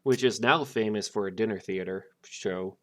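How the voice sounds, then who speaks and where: A man from Minnesota chatting casually with friends while playing a wrestling game, relaxed and full of fillers. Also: on the low side, moderate pace.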